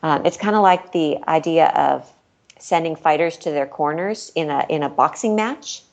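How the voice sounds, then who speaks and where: A woman's voice: sits low, moderate pace. A woman author, a guest in a conversational interview, speaking earnestly and acting out what she says to her kids. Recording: dull lo-fi recording.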